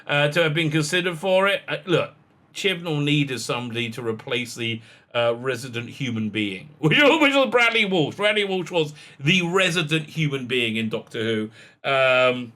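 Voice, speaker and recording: A man's voice: mid-range voice, big pitch swings, measured pace, pushed and bright. A man giving sarcastic commentary, reading quotes aloud with lots of fillers and laughs. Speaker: commentary vlogger.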